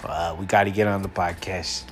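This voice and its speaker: Male podcast host, lower voice, profane and mocking, rambling trash-talk delivery. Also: fairly even intonation, normal speed, faint music behind.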